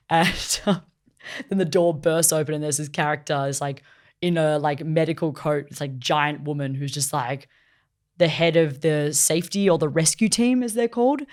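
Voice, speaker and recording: Low-voiced woman retelling an anime plot. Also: normal speed. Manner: animated storytelling, acting out characters' lines with lots of "like". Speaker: podcast co-host reviewing anime. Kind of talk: casual chat.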